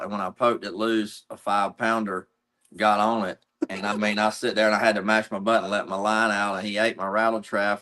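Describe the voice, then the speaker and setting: Middle-aged guy from north carolina, lowish voice, rambling old fishing story. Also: bright, forceful tone. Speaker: pro angler guest. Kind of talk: casual storytelling.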